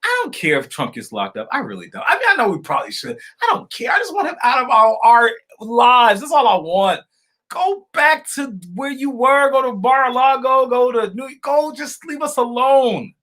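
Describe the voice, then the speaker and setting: A man hosting a political live stream, talking straight to his viewers and reading their comments, fervent and repetitive, swinging from loud outbursts to quiet asides. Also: very high-pitched, very animated, moderate pace. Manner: addresses viewers directly as y'all and folks.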